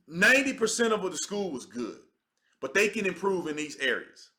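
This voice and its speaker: Thirties man, livestream host. High, bright voice, emphatic and conversational. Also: lively intonation, fairly quick. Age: 30s. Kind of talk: casual livestream commentary.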